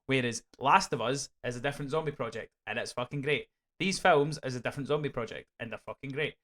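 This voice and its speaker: Animated Scottish man chatting films. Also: mid-range voice, fast talker. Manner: animated, frequent swearing, many restarts. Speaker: podcast co-host. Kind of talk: casual film review chat.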